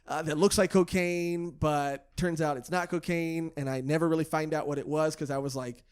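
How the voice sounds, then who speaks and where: Young man, podcast host, rambling story, casual swearing, somewhat high pitch. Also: steady tone, normal speed, smooth. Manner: rambling, laughing, swears freely.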